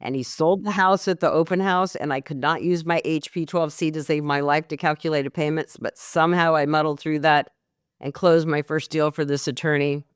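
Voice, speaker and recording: Animated woman telling a candid story. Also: low-pitched, fairly quick, clear, resonant tone, no room sound, clean studio sound. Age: middle-aged. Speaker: guest, mortgage coach. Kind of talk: storytelling in a podcast interview.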